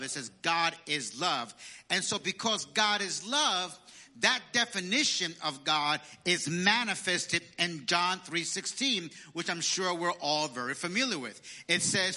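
A man preaching a sermon as a pastor, calling on the congregation to repeat phrases and rising louder and higher when quoting scripture. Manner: preaching with call-and-response prompts.

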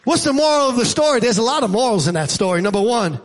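A male pastor delivering a sermon with emphatic, rhythmic preaching. His voice sits very high for a man. He keeps calling out to the congregation to answer back. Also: big pitch swings, fast talker, a faint crowd.

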